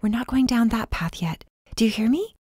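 A woman voicing a protective young woman in an audiobook, soft and tender at times, defiant and tearful at others. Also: on the high side, animated, normal speed, breathy edge, dry recording, studio quality, pitched above the performer's own voice. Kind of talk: audiobook character voice.

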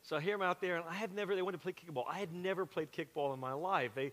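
A middle-aged male pastor from South Carolina with a Southern accent, preaching a sermon in a chatty, animated storytelling way with frequent asides. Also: high-pitched, racing. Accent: Southern with a Western Pennsylvania twist. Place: church sanctuary. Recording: long hall reverb from a church sanctuary.

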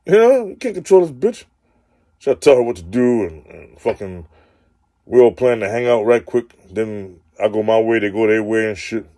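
A man's voice: fairly low pitch, lively intonation, normal speed, mellow, no room sound, studio quality. A man hosting his own show, delivering a crude, repetitive comedic rant and ending lines with "man". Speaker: show host. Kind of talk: profane comedic rant monologue.

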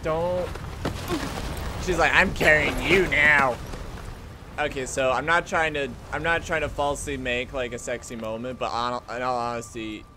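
A man giving casual, jokey commentary over a video game, excitable and prone to yelling. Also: mid-range voice, moderate pace. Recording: game noise under the voice. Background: game sounds.

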